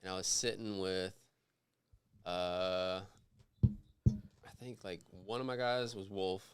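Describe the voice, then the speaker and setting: A young man as a podcast guest, telling stories in a relaxed, laid-back way and cursing casually. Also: low-pitched, slow, slight background noise. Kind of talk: casual chat.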